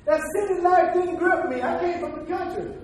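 In an extremely high, darkish voice, a man briskly recounts his life as a sermon testimony, emphatic and folksy and peppered with preaching asides. The recording is distant, in a very echoey hall, with faint noise.

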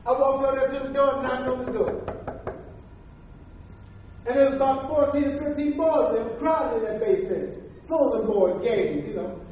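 High-voiced man preaching in an echoey hall. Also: normal speed, pauses often, darkish tone. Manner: emphatic, folksy storytelling with preaching asides. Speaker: preacher giving a testimony. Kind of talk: storytelling sermon testimony. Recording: very echoey hall, from far off, faint noise.

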